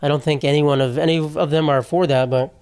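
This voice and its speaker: A man's voice: a little high, fairly even intonation, fast talker, a little mellow, a little hiss or hum. A young man hosting a solo comedy podcast, rambling and sarcastic, laughing through his sentences, his throat a little sore.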